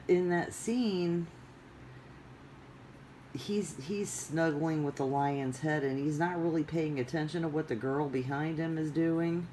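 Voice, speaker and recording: A vlogger talks at an unhurried, drawn-out pace in loose, casual chat. The delivery wanders from point to point, padded with plenty of fillers and restarts. A faint hiss sits under the voice. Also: medium pitch, a little mellow, rough recording. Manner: rambling, digressive, many fillers.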